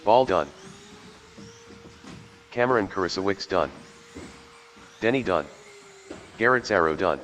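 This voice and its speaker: A deep-voiced man reads out drivers' names at a race, one at a time, in flat, clipped calls. Faint noise sits under his voice. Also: a little slow, pauses often. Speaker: race official reading results.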